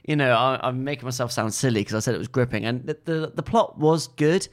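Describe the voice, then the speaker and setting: A woman's voice: extremely low pitch, fairly quick. A woman, co-hosting a casual chat with wry, joking remarks. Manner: wry, jokey remarks with frequent laughter. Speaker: podcast co-host.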